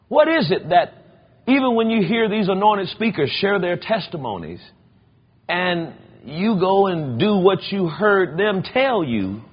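A man preaching a sermon, telling stories in an animated way with big swings in pitch. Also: slightly rough. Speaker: pastor. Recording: dull lo-fi sound.

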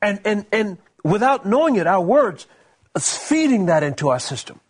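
A male minister in a relaxed Christian talk conversation. His voice is husky and a bit high, rising and falling animatedly, and he restarts his phrases often as he presses his point. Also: normal speed. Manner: stammering restarts, animated testimony. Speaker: minister co-host. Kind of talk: casual preaching conversation.

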